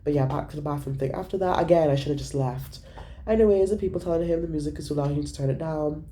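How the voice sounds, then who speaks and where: A young woman tells a casual storytime in a low, mellow voice. She talks in an animated, gossipy way and swears freely as she recounts her night. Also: fast, a little hiss or hum. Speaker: vlogger.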